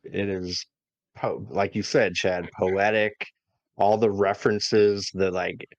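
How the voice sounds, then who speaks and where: A man's voice: low voice, little pitch movement, slow pace, dry recording, highs cut off. A man in a casual wrestling review chat, talking enthusiastically. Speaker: podcast co-host.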